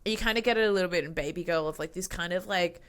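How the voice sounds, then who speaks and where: A woman's voice: on the low side, racing. A woman with a New Zealand accent, co-hosting a podcast in casual chat, talking loosely with lots of "like" fillers and swearing freely. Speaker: podcast co-host.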